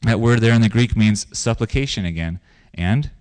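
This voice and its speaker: Low-voiced man preaching conversationally. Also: animated, moderate pace, a little mellow, clear, resonant tone. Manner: conversational preaching with stories and repetition. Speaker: pastor. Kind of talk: sermon.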